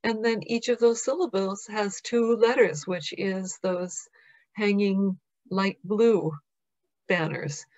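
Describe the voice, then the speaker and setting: A woman with an American accent, a professor giving a recorded academic lecture in a measured, explanatory way, reading out example words slowly. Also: medium pitch, a little mellow, highs cut off. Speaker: professor presenting.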